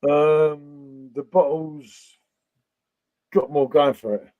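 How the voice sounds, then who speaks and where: High-voiced man, lo-fi stream. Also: steady tone, very slow. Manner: jokey, matey. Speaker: beer review host. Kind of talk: casual live-stream chat. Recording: lo-fi dull live-stream audio.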